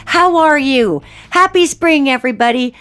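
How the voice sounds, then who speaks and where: A woman hosting a podcast in a chatty, casual monologue, her voice gritchy and a little hoarse from allergies. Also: sits high, normal speed, faint music behind. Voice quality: gritchy, slightly raspy. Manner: chatty and animated, jokey asides. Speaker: podcast host.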